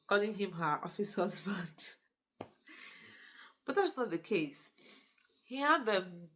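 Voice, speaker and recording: Chatty woman retelling a film. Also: lowish voice. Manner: chatty, with conversational asides. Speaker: movie reviewer. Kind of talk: casual movie recap narration.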